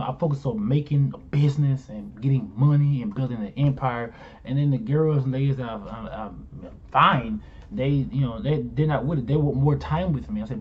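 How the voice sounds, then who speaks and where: A man's voice: mid-range voice, husky. A man vlogger casually telling a personal story, rambling with many restarts. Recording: dull lo-fi home recording.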